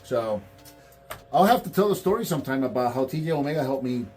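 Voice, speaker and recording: A man's voice: mid-range voice, fast talker, soft background music. A man hosting a toy review channel, chatting casually and acting out what people said. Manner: animated storyteller, acts out quotes. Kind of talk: casual chat.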